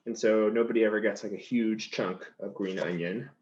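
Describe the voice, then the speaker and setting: A man's voice: fairly low pitch, steady tone, moderate pace, darkish tone. Easygoing male chef demonstrating cooking. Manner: easygoing, chatty, explains steps as he works. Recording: slightly dull sound with faint noise.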